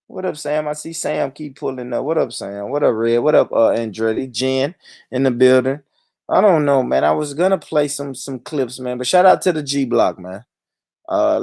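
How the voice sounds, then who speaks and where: A man's voice: medium pitch, creaky, darkish tone, no echo, studio quality. A man hosting a livestream, ranting in a heated, profane, repetitive way. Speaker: livestream host.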